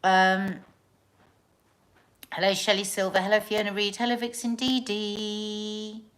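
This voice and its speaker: A woman's voice: medium pitch, little pitch movement, slow pace, fairly bright tone, rough recording. Chatty woman greeting viewers live. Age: middle-aged. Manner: chatty and effusive, greets viewers by name, calls people darling. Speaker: host of a live online chat show. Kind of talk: casual live-stream chat reading out viewer comments.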